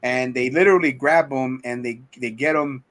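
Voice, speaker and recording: A man's voice: mid-range voice, steady tone, normal speed, a bit bright. A man co-hosting a casual movie review chat, rambling through the plot with acted-out quotes and lots of swearing. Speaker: podcast co-host.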